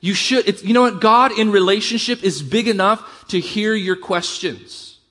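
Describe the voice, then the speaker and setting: Middle-aged male pastor, high voice, conversational sermon, builds emphasis. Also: bright, forceful tone. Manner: conversational preaching, rising emphasis, quick asides.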